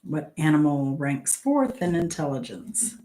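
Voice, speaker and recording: A woman's voice: sits low, big pitch swings, a little slow, warm tone, rough recording. A middle-aged woman hosting a casual live-stream trivia game. She is chatty, laughs often, reads questions aloud and greets viewers by name.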